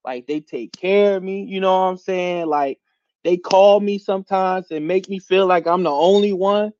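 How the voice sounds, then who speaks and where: High-voiced man ranting about football. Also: normal speed, highs cut off. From Philadelphia area. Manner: animated, laughing, slangy and profane. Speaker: podcast host. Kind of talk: casual sports rant.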